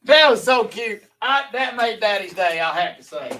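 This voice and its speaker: A man's voice: high voice, expressive, moderate pace, sharp tone, distant mic, rough recording. A man from Louisiana with a Southern accent, chatting folksily with viewers on a live stream, rambling and laughing easily.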